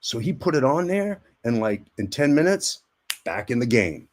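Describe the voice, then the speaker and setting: A man's voice: medium pitch, big pitch swings, normal speed. A man, an army veteran and actor, telling rambling stories as a guest in a casual interview. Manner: rambling, repeats words, acts out quoted voices.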